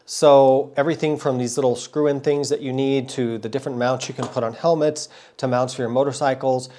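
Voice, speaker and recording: A man's voice: medium pitch, fairly even intonation, brisk, warm tone, a little hiss or hum. Motorcycle vlog host, man, under a cold, friendly and thorough, walks through gear step by step. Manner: friendly, thorough, repeats words for stress. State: has a cold. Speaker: motorcycle vlogger. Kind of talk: casual explanatory vlog talk.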